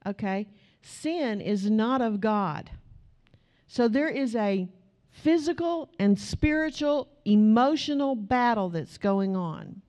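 A woman's voice: medium pitch, a little mellow. A middle-aged woman preaching a sermon in church, emphatic and direct with the congregation. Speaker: pastor.

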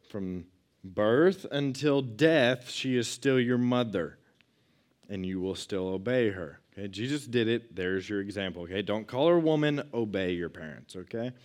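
A man giving a relaxed, conversational Bible lesson to young listeners. He talks at an ordinary mid pitch and keeps it lively, slipping into little performed voices for the people he quotes. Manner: chatty and animated, acts out quoted lines. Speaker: youth Bible teacher.

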